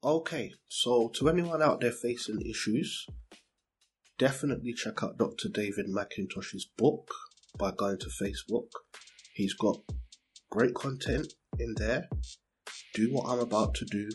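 A man hosting a podcast, talking straight to his listeners in a direct, upbeat way. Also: on the low side. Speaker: podcast host. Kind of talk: casual podcast talk.

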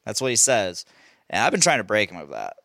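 A man's voice: fairly low pitch, brisk, creaky, dry recording, studio quality. A young man telling a casual story as a podcast host, laughing often and swearing freely. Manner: animated, laughing, swears a lot.

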